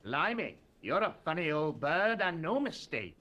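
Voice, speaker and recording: Train conductor, jovial, gossipy, bright high voice. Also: male voice, big pitch swings, a little slow, muffled recording, full character voice. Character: chatty British train ticket inspector.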